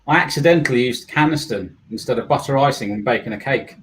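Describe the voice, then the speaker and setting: A man competes in a pun contest and delivers prepared jokes. His voice is mid-pitched. His manner is relaxed and modest. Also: fast talker, a little hiss or hum, rough recording. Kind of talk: telling prepared puns.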